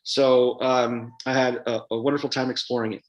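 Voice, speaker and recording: A man's voice: medium pitch, level tone, moderate pace, lo-fi sound. A man, an author guest at a live event interview, talking in a chatty, rambling way with many fillers and restarts. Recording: roomy hall sound.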